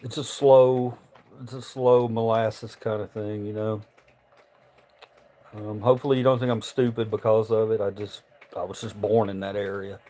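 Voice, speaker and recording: A man's voice: on the low side, flat delivery, moderate pace, dark tone. A man with a Tennessee Southern accent, from Memphis, chatting casually and profanely on his livestream while answering viewer chat. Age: adult, married. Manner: rambling, profane, reads viewer chat aloud. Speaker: livestream host.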